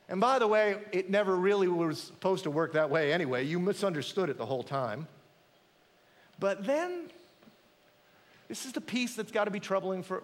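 Animated male preacher in an echoey hall. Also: high voice. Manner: dramatic, emphatic preaching with quoted voices. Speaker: pastor. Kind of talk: sermon.

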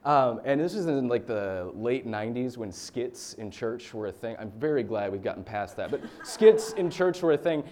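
A man's voice: medium pitch, expressive, normal speed, few pauses, a little mellow, slight background noise. A man in his thirties from the United States giving a casual, story-filled sermon as a pastor, with chatty fillers.

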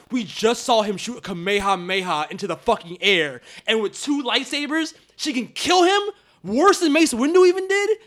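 A man's voice: extremely high pitch, normal speed. A young man in casual movie talk, sarcastic and swearing often, acting out lines as he rants. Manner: animated, sarcastic, swears often, acts out quotes.

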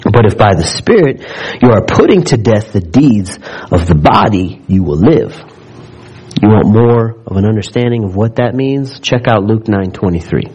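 A man preaches a Sunday sermon in a church. His voice sits low and carries a husky edge. He moves between reading scripture aloud and fervent, building exhortation. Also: animated, moderate pace, darkish tone, rough recording. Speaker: pastor.

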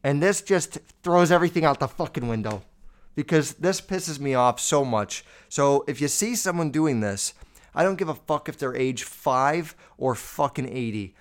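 A podcast host sounds off about what annoys him. His manner is loose and animated, and he swears in nearly every sentence. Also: on the high side, moderate pace. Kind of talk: casual ranting monologue.

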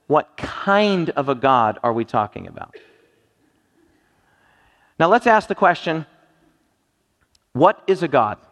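With a fairly bright tone and a pitch that's a little high, a man preaches in a church hall, joking and putting playful questions to his listeners. A large hall's long reverb colors the recording.

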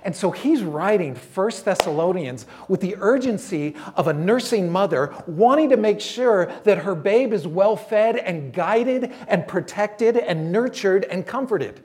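Conversational pastor preaching a sermon. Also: male voice, high voice, lively intonation, measured pace, hardly any pauses, a little mellow. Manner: conversational, storytelling with voiced quotes.

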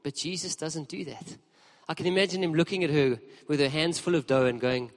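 A preacher telling a story in a sermon, lively and conversational as he speaks to the congregation in a church hall. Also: fairly high pitch, fairly quick. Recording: long reverb of a large hall.

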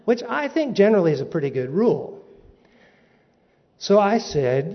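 Man, preacher, humorous storytelling, animated, dull audio, echoing hall. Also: fairly high pitch, unhurried. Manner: animated, comic timing. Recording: dull recording in a reverberant hall.

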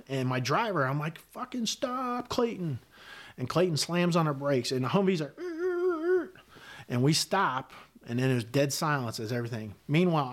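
A middle-aged man, a retired Army sergeant major, recounting a combat story as a podcast guest in blunt, vivid words with frequent fillers and swearing. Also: medium pitch.

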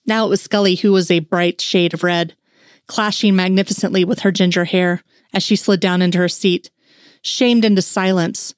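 A woman reading fan fiction aloud in a steady storytelling narration. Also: fairly low pitch, normal speed, no room sound, studio quality.

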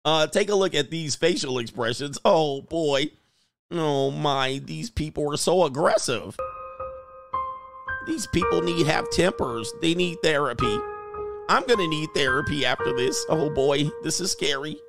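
A man's voice: fairly high pitch, a little slow, vocal fry, over music. Mocking male reaction-video commentator. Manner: mocking, chuckling, loose casual delivery. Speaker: YouTube commentator.

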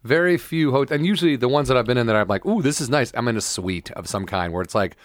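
A man's voice: medium pitch, fast talker, no room sound, clean studio sound. A man co-hosting a casual sports and comedy podcast, telling loose stories and acting out what people said. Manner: loose storyteller, acts out quotes with bursts. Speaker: podcast co-host. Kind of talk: casual chat.

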